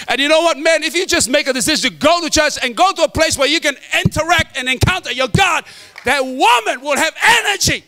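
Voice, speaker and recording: A middle-aged pastor preaches in an unusually high voice. His tone is bright and forceful. He jokes with the congregation, then drives his points home with emphatic shouts. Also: expressive, fairly quick. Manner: emphatic, joking, preaching to the men. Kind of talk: sermon.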